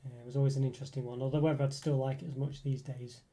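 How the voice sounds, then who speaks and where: Mellow-voiced chatty man on a live stream. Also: mid-range voice, flat delivery, rapid-fire. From northeast England. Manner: rambling, chatty, many fillers and restarts. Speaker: livestream host reading chat. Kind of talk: casual live chat.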